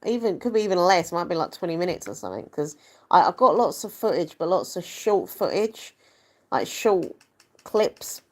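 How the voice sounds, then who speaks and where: Chatty woman vlogging, slightly low voice. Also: very animated, normal speed, a little mellow. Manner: chatty, rambling, self-deprecating. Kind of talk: casual chat to camera.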